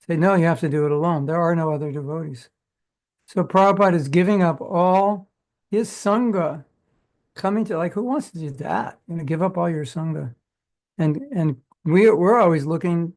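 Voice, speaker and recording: A man's voice: fairly high pitch, a little mellow. An older man giving an informal spiritual class, talking conversationally, acting out imagined dialogue and asking his listeners questions. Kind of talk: informal sermon. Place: class at a community temple.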